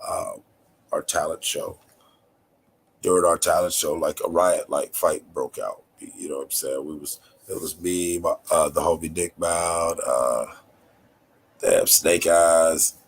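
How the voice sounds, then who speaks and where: A man from North Carolina with a raspy, nasal voice, chatting casually as a podcast host in a laid-back, rambling, slangy way. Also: a bass voice, fairly even intonation, measured pace. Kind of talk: casual chat.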